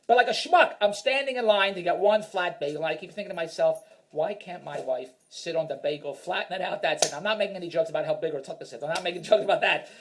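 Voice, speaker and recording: A man's voice: fairly high pitch, slight background noise. A man telling a rambling, self-mocking stand-up story in an exasperated rant. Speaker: stand-up comedian.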